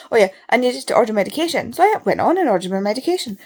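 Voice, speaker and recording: A woman's voice: on the high side, big pitch swings, very fast, hardly any pauses, darkish tone, slightly rough. A young woman vlogging casually about her reading, rambling and chatty, tired and sniffly. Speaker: book vlogger.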